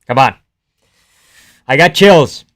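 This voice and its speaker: A young man chatting casually and profanely on a live fight reaction stream, joking and yelling at the screen. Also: medium pitch, slow. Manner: excitable, profane, laughing, yells at the screen.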